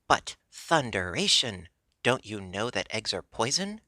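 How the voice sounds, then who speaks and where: A man's voice: lowish voice, big pitch swings, unhurried, creaky, sharp tone, no echo, studio quality, full character voice. A man voicing a small, nervous, blustering underground king who is easily startled, in a storybook reading. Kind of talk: audiobook character voice.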